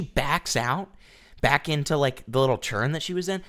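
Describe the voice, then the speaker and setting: A man's voice: mid-range voice, lively intonation, normal speed, a bit bright. A young man streaming casually, telling a profane, ranting story to his chat.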